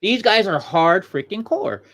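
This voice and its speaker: A man's voice: high-pitched, big pitch swings, unhurried, a bit bright. A man hosting a livestream show, giving heated, rambling political commentary, repeating himself and answering viewers in the chat. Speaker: host.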